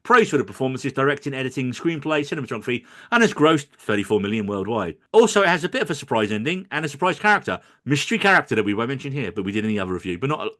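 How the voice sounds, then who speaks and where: A man's voice: mid-range voice, racing, hardly any pauses. A middle-aged man co-hosting a podcast, reviewing films in casual joking chat. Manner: joking, animated, quotes others in mock voices. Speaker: podcast co-host.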